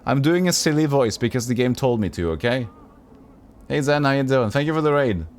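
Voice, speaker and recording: A man's voice: mid-range voice, lively intonation, brisk. A man streaming a story game, reading the narration and joking with his chat in a self-deprecating way. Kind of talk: reading a game aloud on a livestream, chatting with viewers.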